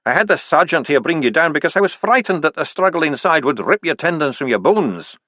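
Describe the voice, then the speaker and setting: A man's voice: on the high side, very animated, a little fast, sharp tone, no room sound, pitched above the performer's own voice, exaggerated voice. A man voicing an earnest dwarf priest who speaks in an urgent, persuasive way.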